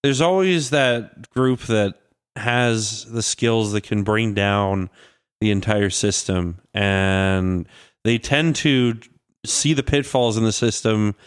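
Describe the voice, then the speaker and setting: A man's voice: lowish voice, slow, smooth. A man co-hosting a casual podcast, riffing on jokes and mock rants. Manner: joking, riffs on bits with mock rants. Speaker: podcast co-host. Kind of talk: casual chat.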